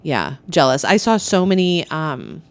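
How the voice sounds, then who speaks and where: A young woman co-hosting a casual podcast, easygoing and quick to laugh, swearing now and then in agreement. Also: sits low, big pitch swings, smooth. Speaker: podcast co-host. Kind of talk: casual chat.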